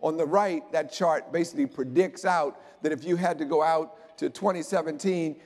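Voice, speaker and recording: A man giving an animated, joking conference talk about slides to a live audience. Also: a little high. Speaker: keynote speaker. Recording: long hall reverb.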